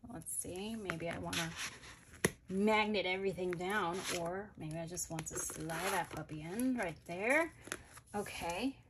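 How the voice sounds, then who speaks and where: A woman's voice: fairly low pitch, unhurried, noisy background. A woman chatting casually and gushing over planners as she shows them off, thinking aloud as she goes. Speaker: planner vlogger. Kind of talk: casual product haul chat.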